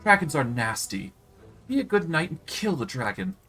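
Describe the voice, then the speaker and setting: A man's voice: fairly high pitch, very animated, normal speed, sharp tone, breathy edge, soft background music, voice pushed up, heavily acted, poor audio. A man voicing a vain, petulant female demon queen in a video game, whiny and clumsily flirtatious. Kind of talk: reading game dialogue aloud on stream.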